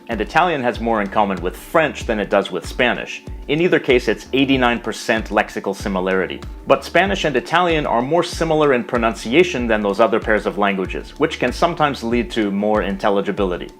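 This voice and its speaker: A man narrating a scripted language lesson, explaining carefully and slowing down to pronounce example words. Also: medium pitch, expressive, soft background music. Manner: measured, explanatory, slows to pronounce foreign words. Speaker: language teacher.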